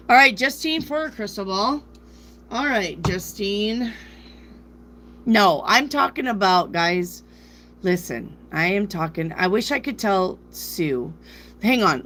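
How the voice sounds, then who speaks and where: A woman from South Dakota with a northern US accent speaks in a mid-range, fairly bright voice over slight background noise. She's a tarot reader on a live stream, chatty and rambling as she reads viewers' questions aloud.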